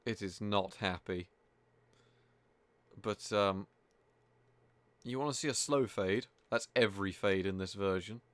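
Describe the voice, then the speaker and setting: Low-voiced chatty male game streamer. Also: a little slow, long pauses, a bit bright, clean tone, no echo. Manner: chatty, exasperated, swears freely. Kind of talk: live gameplay commentary.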